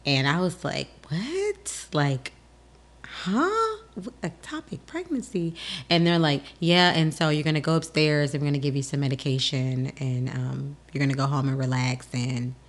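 A woman's voice: extremely low pitch, a little fast, hardly any pauses. A young adult woman hosting a podcast, telling a personal story in casual talk and acting out the voices of the people in it. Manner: animated, acts out the voices of people in her story. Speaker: podcast host.

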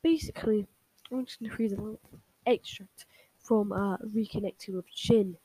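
Young woman rambling to her viewers, husky breathy voice, lots of ums. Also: medium pitch, steady tone, normal speed, dark tone, rough recording. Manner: rambling, with many fillers and restarts. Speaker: fan video host. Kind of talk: casual talk and reading fan fiction aloud.

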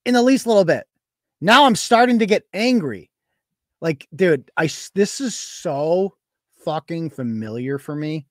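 Man, live-stream host, sarcastic, swearing, very lively pitch, dry close sound. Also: a little slow, no room sound. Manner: profane, sarcastic, animated. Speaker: show host.

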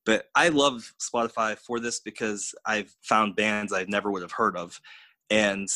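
A lowish, bright and forceful male voice, co-hosting a podcast and chatting casually with eager enthusiasm. The sound is dry and close. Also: fairly even intonation, unhurried, dry recording. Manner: enthusiastic, gushing about music. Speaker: podcast co-host. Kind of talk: casual chat.

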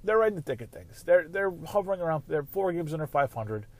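A man's voice: fairly high pitch, big pitch swings, fast, darkish tone. A man hosting a casual solo sports podcast, rambling and swearing freely. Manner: rambling, profane, conversational. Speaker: podcast host.

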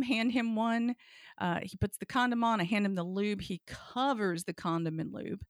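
A woman telling a frank comic personal story with a deadpan delivery. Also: medium pitch, no echo, clean studio sound.

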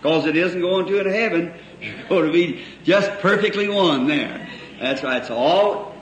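Measured in pace and sitting high in pitch, this man's voice carries a folksy, story-driven sermon to a congregation in a church hall. He lingers on phrases for emphasis and chuckles between lines, and the old hall recording echoes with faint hiss.

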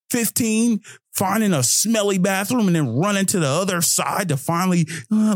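Animated, cussing young man telling a story. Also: sits high, no echo, clean studio sound. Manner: animated, profane, acts out his own inner voice. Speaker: podcast host. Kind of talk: casual storytelling monologue.

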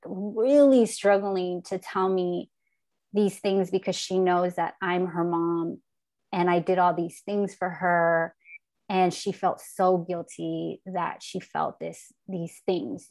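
A woman's voice: on the low side, darkish tone. A woman in her forties talking in an earnest, reflective way, casual and candid, with the odd swear word, as a podcast host. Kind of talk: candid heartfelt conversation.

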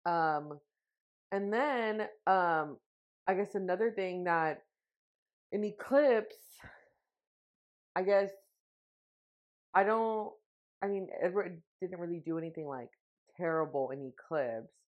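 A young woman with a lowish voice co-hosts a podcast, speaking slowly with long pauses in casual, rambling chat full of fillers. She gets emotional, and the recording has a dull lo-fi sound.

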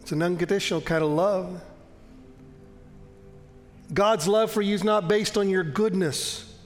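A man preaching a sermon in church as pastor, earnest and emphatic, often slowing down and dropping to a soft hush. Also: high voice, steady tone, big-room sound, faint music behind.

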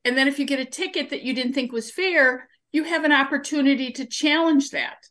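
A woman's voice: high voice, brisk, fairly bright tone. A woman guest in an interview, explaining her civic training work through everyday examples and anecdotes. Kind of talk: conversational interview answers.

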